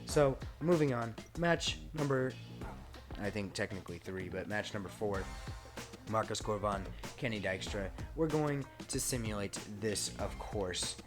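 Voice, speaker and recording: A man's voice: lowish voice, expressive, measured pace, over music. A man giving casual commentary over a wrestling game, chatty and rambling, with frequent swearing and asides. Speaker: gaming channel host.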